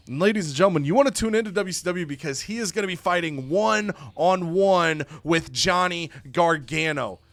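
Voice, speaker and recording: A man's voice: sits high, lively intonation, moderate pace, hardly any pauses, fairly bright tone. A man casually narrating a wrestling video game story with chatty asides.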